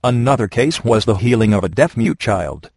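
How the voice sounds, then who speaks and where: A man narrating a first-person memoir, reading in a steady, measured way. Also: medium pitch, vocal fry, slightly rough, no echo.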